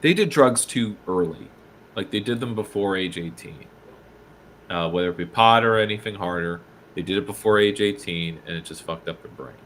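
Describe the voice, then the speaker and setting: A man casually telling a story on a podcast, animated and swearing, acting out the people he quotes. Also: low voice, normal speed. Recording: faint background noise.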